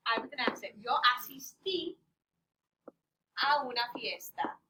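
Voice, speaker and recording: A woman teaching a Spanish class, playful and animated, quizzing her students as she goes. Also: a little high, a little slow, noisy background. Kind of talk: classroom lesson. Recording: distant classroom mic.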